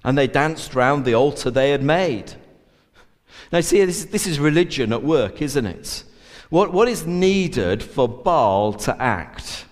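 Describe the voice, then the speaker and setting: Slow preaching man in a reverberant hall. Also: mid-range voice, expressive. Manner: earnest, many uh fillers and repeated words. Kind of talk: sermon. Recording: long church reverb.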